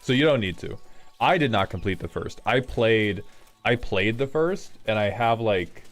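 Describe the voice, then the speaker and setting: A man's voice: fairly low pitch, lively intonation, moderate pace, faint music behind. A man streaming a video game, chatting casually with dry, self-mocking jokes.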